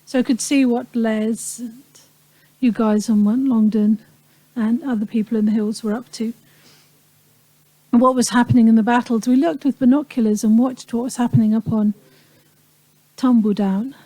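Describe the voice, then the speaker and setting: Reflective woman with a mellow voice. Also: a little high, fairly even intonation, no echo, rough recording. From Falkland Islands. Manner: reflective, pausing often, lightly humorous. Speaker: speaker recounting a wartime childhood. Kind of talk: personal talk to an audience.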